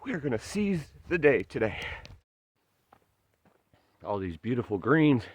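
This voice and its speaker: A man's voice: medium pitch, big pitch swings, a little slow, husky, no echo. A man vlogging on a long-distance hike in a forest, talking in an earnest, emotional, rambling way. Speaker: thru-hiker vlogger. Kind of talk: casual trail vlog. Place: forest trail outdoors.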